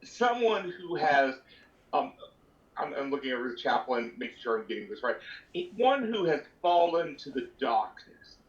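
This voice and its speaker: A man playing a tabletop role-playing game, talking earnestly in character with halting fillers. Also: mid-range voice, very animated. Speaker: tabletop player. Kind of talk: in-character role-play chat. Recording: roomy, dull lo-fi stream audio.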